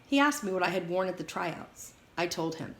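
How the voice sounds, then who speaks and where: A woman reading a memoir aloud in a steady, measured way. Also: on the low side. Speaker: audiobook reader. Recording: roomy echo, faint hiss.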